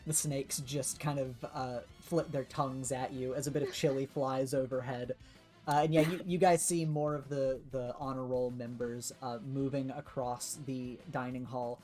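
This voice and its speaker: A woman's voice: very deep voice, normal speed, soft background music. A woman narrating a tabletop role-playing game as game master, loose and full of fillers. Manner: filler-heavy, relaxed narration.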